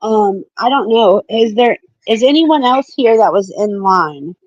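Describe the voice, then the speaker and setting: A woman's voice: mid-range voice, expressive, measured pace, dry recording, lo-fi sound. A woman giving casual tarot readings on a live stream, chatty and apologetic, calling viewers babe and love, with her children heard behind her. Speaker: tarot reader. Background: children heard in the background.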